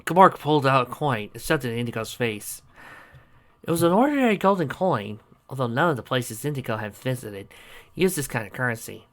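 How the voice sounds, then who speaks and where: A man reading a fan fiction story aloud in a plain, even narrating voice. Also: mid-range voice, a little fast. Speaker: reader.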